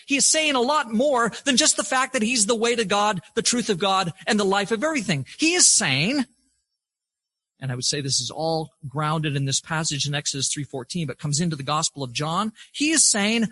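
A male preacher whose high, bright voice swings widely in pitch as he drives his points home. His tone has a husky edge, and he stacks up repeated phrases for emphasis. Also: expressive, normal speed, no room sound. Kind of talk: sermon.

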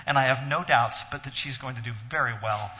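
A man's voice: medium pitch, fairly quick, sharp tone, slightly rough. A man giving an earnest teaching sermon, explaining a Bible passage step by step to a congregation in a church hall. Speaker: teacher leading a Bible study. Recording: dull sound in a reverberant hall.

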